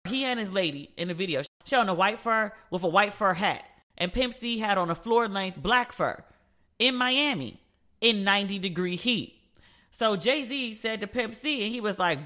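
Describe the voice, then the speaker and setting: A woman hosting her own podcast, talking in a loose, playful way and slipping into the voices of the people in her stories. Her tone is bright and forward, with a middling pitch. Her speech carries features. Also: normal speed. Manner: chatty, playful storytelling with animated quoted voices. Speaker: podcast host. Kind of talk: casual solo podcast commentary.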